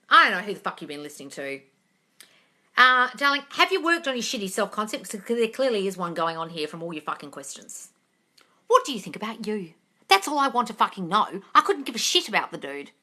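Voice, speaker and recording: Hosting a livestream Q&A, a woman answers viewer questions bluntly, profanely and with exasperation, calling listeners darling. Her voice is a little high and bright, with a forceful tone.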